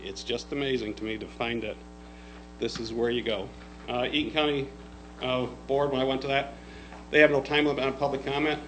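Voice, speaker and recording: A man's voice: mid-range voice, steady tone, fairly quick, low-quality recording. A man with a mid-range voice criticizes how a county board runs its meetings. He asks rhetorical questions and answers them sarcastically. A faint hum sits under the recording. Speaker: public commenter.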